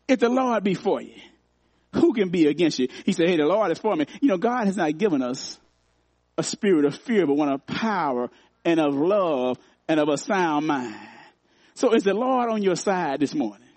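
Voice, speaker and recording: High-voiced preaching man, dry sound. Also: animated, moderate pace, darkish tone, no room sound. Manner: repeats phrases for emphasis, rhythmic call to the congregation. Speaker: pastor. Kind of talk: sermon. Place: church.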